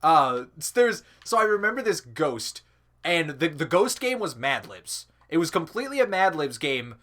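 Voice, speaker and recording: A man talks through a gaming session in a loose, rambling way, dropping swears and laughing at his own tangents. His voice sits fairly high and sounds bright. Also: sing-song, normal speed. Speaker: let's play commentator. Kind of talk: casual gaming chat.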